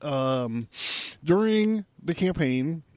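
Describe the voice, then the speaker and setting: A man hosts a podcast alone, talking in a rambling, sarcastic way and swearing often. His voice sits a little high for a man. The sound is close and dry, with no room in it. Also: lively intonation, drawn-out words, a little mellow, no room sound. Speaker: podcast host. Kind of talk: casual monologue.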